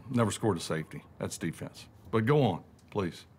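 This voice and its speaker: An actor in an ad playing a blunt, deadpan sports-obsessed man. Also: on the low side, normal speed, slight background noise. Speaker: actor in a radio ad.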